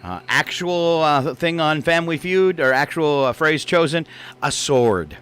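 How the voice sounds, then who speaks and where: A man's voice: a little high, a little slow, fairly bright tone, a little hiss or hum. A man hosting a morning radio show from a studio mic, teasing his co-host with jokey asides and frequent chuckles.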